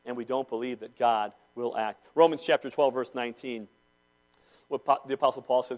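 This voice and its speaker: A man preaching a sermon to a congregation in a church, swinging between loud declarations and hushed intensity. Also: mid-range voice, fairly even intonation, fairly quick. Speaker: pastor.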